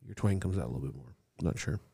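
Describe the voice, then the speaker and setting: A man's voice: low-pitched, expressive, racing, gravelly, mellow, husky. Joking young man hosting a podcast. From Indianapolis, USA. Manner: rambling, joking, laughs often. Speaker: podcast host. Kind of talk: casual podcast banter.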